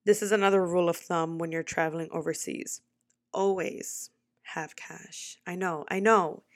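A young adult woman telling a travel story to her viewers in a casual, animated way, swearing freely and filling her talk with "like.". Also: fairly low pitch, brisk. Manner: animated, profane, filler-heavy storytelling. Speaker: vlogger.

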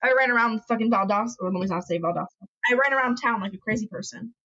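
Profane, animated woman storyteller. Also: a little high, racing, slightly rough. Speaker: podcast co-host. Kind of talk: casual chat. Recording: dull lo-fi recording.

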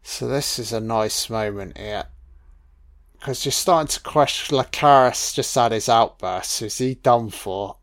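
A man's voice: mid-range voice, a little slow. A man giving a casual film commentary, musing aloud with plenty of swearing and fillers.

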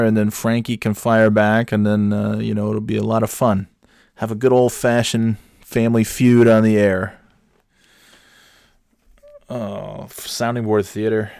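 A man's voice: on the low side, level tone, measured pace, creaky, darkish tone, clean tone, dry recording, clean studio sound. A man hosting his own podcast who tells stories in a rambling, self-mocking way and swears casually. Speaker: podcast host. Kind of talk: casual comedic storytelling.

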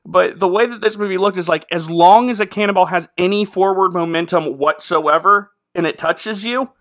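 A man's voice: high voice, normal speed, a bit bright. A man hosting a casual comedy podcast, rambling sarcastically through a movie recap with fillers and sound effects. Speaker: podcast host.

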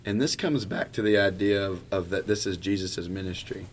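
Male pastor, lowish voice, earnest and halting, repeats words mid-thought, faint noise behind. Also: steady tone. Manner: earnest, stumbles and repeats words while thinking aloud. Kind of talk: casual podcast conversation.

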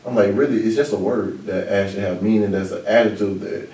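Blunt, lively man in a roomy room. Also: fairly low pitch, distant mic. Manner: blunt, animated, talks in quick bursts. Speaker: podcast host. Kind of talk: casual podcast chat. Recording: roomy echo, mic set back.

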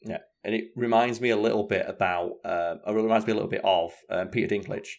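A man chatting casually as a podcast co-host, telling stories in an animated, sweary way. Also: lowish voice, fast talker, creaky. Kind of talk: casual chat.

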